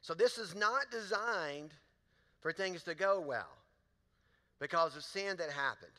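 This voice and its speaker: A man's voice: sits high, lively intonation, a little slow, bright, forceful tone. A male pastor, preaching a sermon with folksy stories and questions to the congregation. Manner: folksy storytelling, talks to the crowd. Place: large church auditorium. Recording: long hall reverb in a church.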